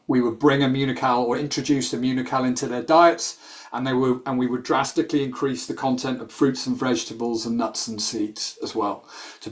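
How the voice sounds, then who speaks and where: A man explaining sports health science in a quick, animated manner with frequent fillers. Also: mid-range voice. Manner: animated, rapid speech with many fillers. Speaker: sports medicine clinician. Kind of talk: explanatory talk.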